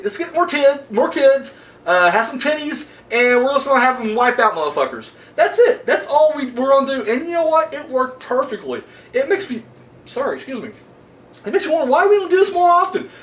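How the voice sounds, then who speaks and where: A man with a very high, bouncy voice rambles through a horror film review, cursing and laughing. He sounds set back from the mic in a roomy, echoing space. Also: distant mic. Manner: excitable, profane, laughs while talking.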